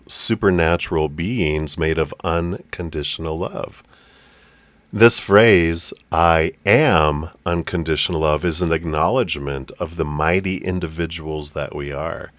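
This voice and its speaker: Low male meditation guide, gentle and unhurried, dry recording. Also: no echo. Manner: loose, with fillers. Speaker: spiritual teacher.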